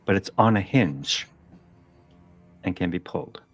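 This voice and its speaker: A man narrating as game master of a tabletop game, relaxed and describing the scene. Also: low-pitched, unhurried, faint music behind.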